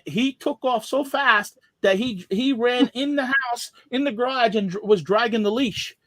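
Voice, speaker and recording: A man's voice: extremely high pitch, a little slow, fairly bright tone, no room sound. A man telling a long, rambling story in casual chat, with many restarts and trailing asides.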